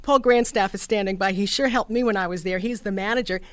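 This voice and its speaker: A woman's voice: mid-range voice, quick pace, smooth, no room sound. A woman radio host, chatting enthusiastically through an ad read. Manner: enthusiastic, conversational.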